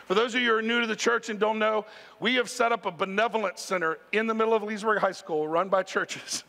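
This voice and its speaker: Gravelly high-voiced male pastor. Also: quick pace, in a large hall. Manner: animated, conversational, talks straight to the congregation. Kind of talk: sermon storytelling. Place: church sanctuary.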